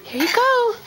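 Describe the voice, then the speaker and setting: A mother filming her baby at home, talking in excited baby talk and counting out steps. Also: sits high, background noise. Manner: excited, sing-song, counts the baby's steps aloud.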